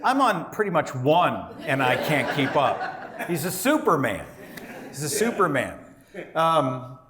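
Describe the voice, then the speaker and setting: A man hosting a live stage show, introducing a guest in a relaxed, chatty way. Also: medium pitch. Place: live stage before an audience.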